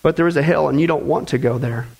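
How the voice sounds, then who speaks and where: A man's voice: a little high, fast talker, gravelly, a little mellow, husky, poor audio. A man preaching a sermon with emphatic, repeated phrases, speaking directly to the congregation.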